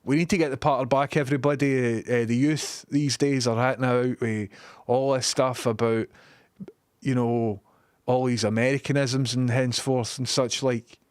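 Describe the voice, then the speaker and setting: A man's voice: medium pitch, fairly even intonation, normal speed, smooth, dry recording. A young Scottish man chatting casually on a live stream from his home studio, joking and reading out viewer messages. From Scotland.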